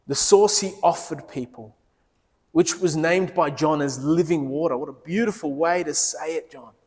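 Man preaching in a reverberant church hall. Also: normal speed. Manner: earnest, drops low and soft when quoting Jesus. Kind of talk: sermon. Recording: long reverb of a large hall.

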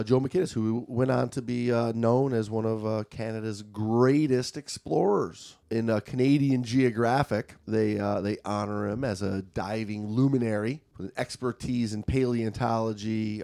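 A man's voice: medium pitch, creaky, a little mellow. A man hosting a podcast, casually reading out facts with frequent "uh" fillers. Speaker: podcast host. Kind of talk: casual chat.

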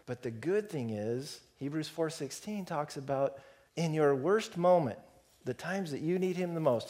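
A man's voice: fairly high pitch, animated, moderate pace, darkish tone. Man, preacher, conversational sermon, storytelling, acting out the characters.

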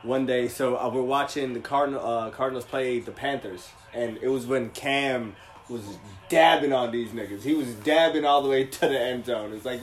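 A young man in casual podcast chat, telling animated stories with heavy slang and swearing. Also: medium pitch, moderate pace, roomy sound.

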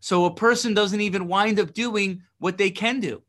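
A man's voice: high-pitched, normal speed, a bit bright. A man teaching a religious text lesson, reading passages and translating them, explaining with rhetorical questions and a frequent "right?".

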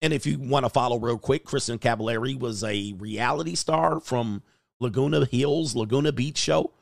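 A man's voice: medium pitch, normal speed, creaky, dry recording, studio quality. A man hosting a reaction commentary show, talking in a crude, joking, mocking way.

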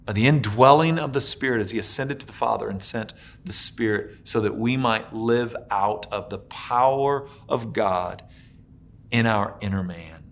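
A man in his forties preaching a sermon as a pastor, telling stories with lots of filler words and swinging from hushed to loud. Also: on the low side, moderate pace. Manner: animated storytelling with many filler likes, swinging between hushed and loud.

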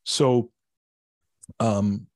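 A man with a low voice talks as a meditation teacher in a podcast interview. He explains in plain, gently humorous terms. The sound is close and dry, with no room around it. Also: fairly even intonation, drawn-out words, dry recording. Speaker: meditation teacher and author, guest.

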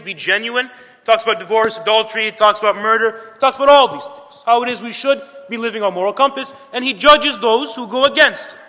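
A man's voice: high-pitched, bright, forceful tone. A man preaching a sermon in an earnest way, repeating his points and checking in with his listeners. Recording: long hall reverb.

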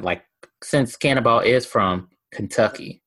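A man co-hosting a casual fan podcast, relaxed and hesitant, with frequent fillers. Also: lowish voice, unhurried. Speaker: podcast co-host.

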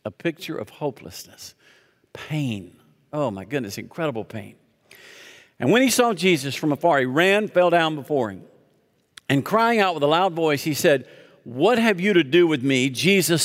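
Preaching man in a reverberant hall. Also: fairly high pitch. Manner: call-and-response preaching with asides and jokes. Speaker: pastor. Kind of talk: sermon. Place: church sanctuary. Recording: long reverb of a large hall.

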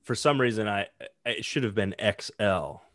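Low-voiced, rambling casual man. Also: lively intonation, moderate pace, fairly bright tone, no echo, studio quality. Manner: rambling, hesitant, many fillers. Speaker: podcast co-host. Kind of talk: casual sports chat.

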